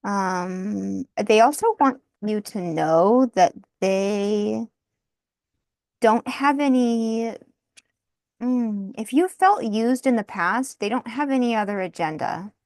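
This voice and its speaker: A woman's voice: medium pitch, a little mellow, dry recording. A woman doing a casual tarot card reading, thinking aloud, often breaking into laughter and apologizing. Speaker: tarot reader.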